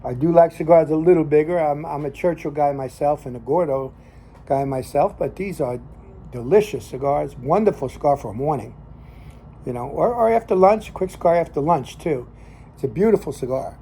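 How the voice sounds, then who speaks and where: With a fairly high, warm voice and lively intonation, an older man speaks fairly quickly over a faint hiss or hum. He's from New Jersey, with a Northern New Jersey accent, and as a cigar show host and lay minister he tells a folksy, rambling story thick with fillers in a casual monologue.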